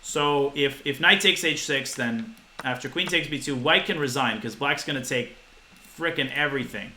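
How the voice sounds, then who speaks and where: A man in his twenties giving a live-streamed chess lesson, talking fast to his viewers and thinking aloud. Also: medium pitch, pushed and bright, a little hiss or hum, rough recording. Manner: quick, talks to chat, thinks aloud with restarts.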